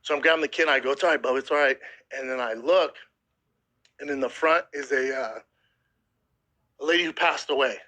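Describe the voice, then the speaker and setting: A man's voice: mid-range voice, fairly quick, long pauses, low-quality recording. A man in his thirties telling a harrowing story in casual, profane podcast chat, close to tears at times. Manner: profane, animated retelling with acted quotes. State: emotional, near tears. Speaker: podcast host.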